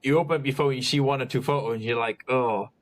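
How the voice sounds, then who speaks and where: A man talks in a casual podcast chat, his pitch sitting at an ordinary middle level. He stops and restarts often, leaning on fillers as he works his thoughts out aloud. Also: a little hiss or hum. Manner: halting, full of restarts and "like". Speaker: podcast guest, bodybuilder.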